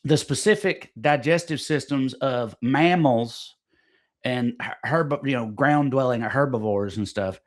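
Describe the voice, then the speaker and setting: A man's voice: medium pitch, measured pace. Rambling man co-hosting. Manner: profane, rambling, explanatory. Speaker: podcast co-host. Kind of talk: casual comedic chat.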